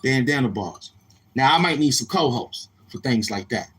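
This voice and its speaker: A man's voice: medium pitch, moderate pace, husky. Loose, streetwise male livestream host. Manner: loose, streetwise, goes from laid-back to loud and animated. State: a little tired. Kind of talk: casual livestream talk. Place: outdoors near a street, car noise heard.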